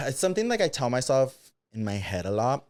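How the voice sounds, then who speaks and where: A man co-hosting a casual podcast, his pitch swinging widely and animated. He jokes easily and pads his thoughts with plenty of fillers. The sound is close and dry. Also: a little fast, dry recording. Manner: animated, jokey, hesitant with many fillers. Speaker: podcast co-host. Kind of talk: casual chat.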